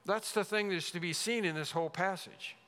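A man preaching an expository sermon as pastor, emphatic, rising loud then dropping to a hush. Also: high-pitched, a little fast. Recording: long reverb of a large hall.

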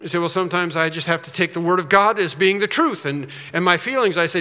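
A man's voice: high voice, fast, few pauses, bright, forceful tone. A man preaching a sermon as pastor, emphatic, repeating phrases and rising on key points. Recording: reverberant hall.

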